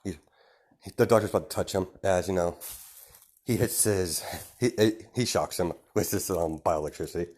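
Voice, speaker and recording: Very deep-voiced man rambling a story. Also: moderate pace, a little mellow. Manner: rambling, many fillers. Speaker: fan-fiction storyteller. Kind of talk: casual improvised storytelling.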